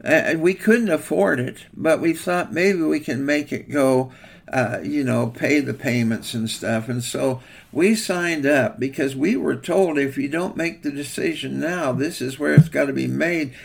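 A man's voice: on the high side, unhurried, gravelly. An older man, a pastor, giving a folksy devotional sermon in a rambling, homespun storytelling manner.

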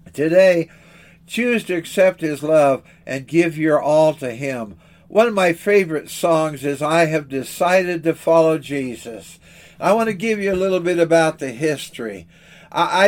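Delivering a sermon, a man speaks earnestly and with measured care, asking rhetorical questions as he goes. His pitch sits fairly high.

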